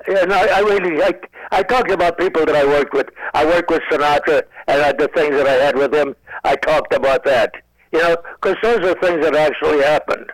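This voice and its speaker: A man's voice: fairly high pitch, brisk, no room sound, poor audio. A man in his nineties, a comedian guest calling in from home, rambling with stammered restarts and dry wisecracks. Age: 90s. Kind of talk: joking radio interview.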